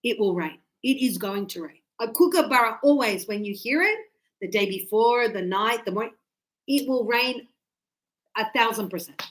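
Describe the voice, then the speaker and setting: A woman teaching a class, chatty and animated, acting out birds and her students as she explains. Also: fairly high pitch, moderate pace, poor audio. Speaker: English teacher.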